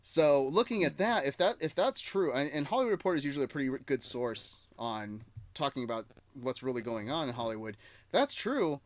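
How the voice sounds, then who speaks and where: A man's voice: medium pitch, expressive, a little fast. A man hosting a casual nerd-news podcast, chatty and reading chat comments aloud. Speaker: podcast host.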